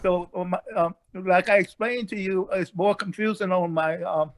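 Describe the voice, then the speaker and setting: A man's voice: high voice, steady tone, normal speed. An older man on a video call, rambling and hesitant as he tells family stories, laughing along. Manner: rambling, hesitant storyteller who laughs at his own tale. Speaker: family member. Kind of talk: casual family chat.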